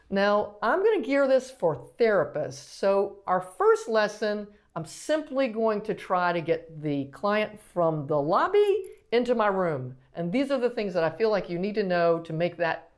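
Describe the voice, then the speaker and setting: A woman who is a pediatric therapist, leading a casual lesson and asking hesitant questions with many pauses and restarts. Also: mid-range voice. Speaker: pediatric physical therapist teaching.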